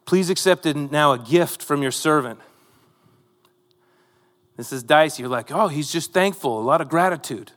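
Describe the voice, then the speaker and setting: A man's voice: a little high, moderate pace, long pauses, a bit bright, long reverb tail. Man preaching a conversational sermon. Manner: conversational preaching with rhetorical asides. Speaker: pastor.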